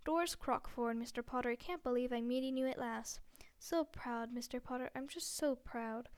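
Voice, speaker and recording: A woman's voice: fairly high pitch, moderate pace, clean tone, close to an everyday voice. A woman voicing an adoring, starstruck witch who speaks in an awed, whispery way.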